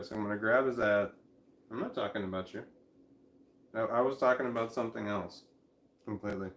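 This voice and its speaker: A tired, high man rambling casually in a vlog, talking drowsily with a slight slur while lying down at home. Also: a bit bright, roomy sound. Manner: drowsy, rambling, laughs to himself. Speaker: vlogger.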